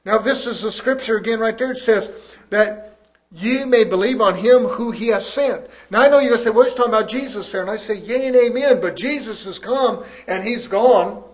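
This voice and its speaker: A man preaching a sermon, reading scripture slowly and loudly, then dropping to quiet asides with chuckles. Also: high voice. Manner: reads scripture in slow, drawn-out emphasis.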